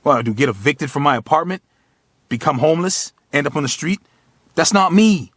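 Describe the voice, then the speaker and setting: A man's voice: a little high, fast, fairly bright tone, breathy edge, no room sound, studio quality. Intense, profane motivational man in his 30s. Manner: raw, profane, preachy, speaks straight to the viewer. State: tearful, choked up. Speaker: motivational vlogger. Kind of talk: emotional motivational monologue to camera.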